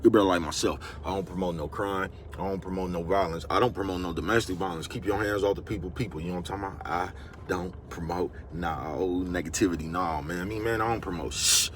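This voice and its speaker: Fast-talking low-voiced man, rambling and slangy. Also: a little hiss or hum. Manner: rambling, slangy, repeats catchphrases. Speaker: vlogger. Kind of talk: casual motivational monologue.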